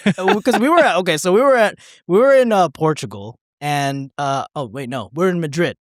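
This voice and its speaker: A podcast co-host tells a rambling, profane story in casual chat, laughing and acting out what people said. His voice sits on the high side, animated at a normal speed. The recording is dry with clean studio sound.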